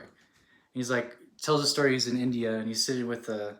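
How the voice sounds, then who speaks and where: A man telling a personal story in a casual, rambling way, full of fillers and animated retellings. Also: medium pitch, normal speed. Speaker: spiritual speaker. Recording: roomy echo.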